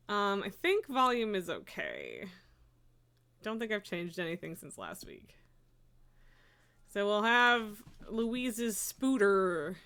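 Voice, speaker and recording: A woman's voice: mid-range voice, sing-song, unhurried, fairly bright tone. A woman streaming live, chatting casually and cooing and scolding her pets in baby talk. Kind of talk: casual livestream chat.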